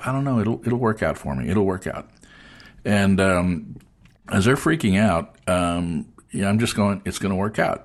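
Low-voiced man telling a story. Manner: animated storyteller acting out dialogue. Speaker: podcast host. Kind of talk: storytelling in casual interview.

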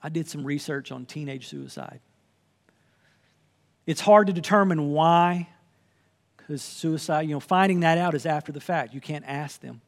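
Guy preaching a sermon, kinda high voice, earnest and chatty, reads bible verses. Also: moderate pace, long pauses. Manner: earnest, conversational preaching with scripture quotes. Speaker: pastor.

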